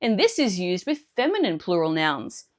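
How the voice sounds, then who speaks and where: A woman teacher explaining Italian grammar clearly and step by step in a scripted lesson. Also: on the low side, very animated, moderate pace.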